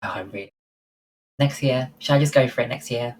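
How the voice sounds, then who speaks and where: A woman's voice: rumbling low, a little fast, darkish tone, a little hiss or hum, poor audio. A woman livestreaming, chatting casually and answering her viewers' messages one by one. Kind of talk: casual chat with live viewers.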